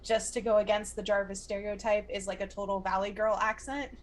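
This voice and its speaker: A woman's voice: medium pitch, fairly even intonation, a little fast, slight background noise. A woman playing in a tabletop role-playing game, laughing often and describing what her character does. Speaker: player. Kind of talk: casual tabletop game chat.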